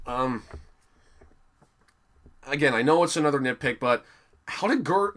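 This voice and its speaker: Giggly, animated male reviewer. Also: on the high side, moderate pace, long pauses. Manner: animated, giggly, many fillers. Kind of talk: casual video review commentary.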